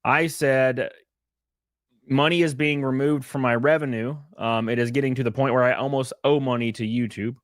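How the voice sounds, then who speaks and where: A man's voice: mid-range voice, fairly even intonation, moderate pace, dry recording, clean studio sound. Aggrieved Southern man telling his story. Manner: aggrieved storytelling, recounting complaints. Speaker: content creator. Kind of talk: explanatory online video.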